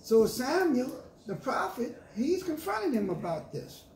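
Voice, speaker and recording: A man's voice: very high-pitched, big pitch swings, unhurried, a little mellow, slight background noise. A man preaching a sermon, reading scripture aloud and retelling it in emphatic street slang, with listeners answering him. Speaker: pastor. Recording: echoey room with faint ambience.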